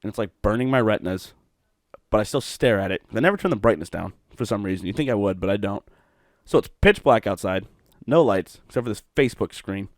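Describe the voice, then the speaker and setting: A man's voice: lowish voice, expressive, a little fast, no room sound, clean studio sound. Rambling, profane middle-aged man. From Ohio, USA. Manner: rambling, profane, self-mocking. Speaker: podcast host. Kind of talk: solo podcast monologue.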